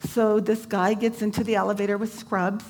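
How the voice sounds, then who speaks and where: Her delivery is flat, a little fast and a little mellow, at a medium pitch, as she recounts her personal faith testimony vividly and conversationally, dropping in casual fillers. Faint background noise and a long hall reverb fill the recording.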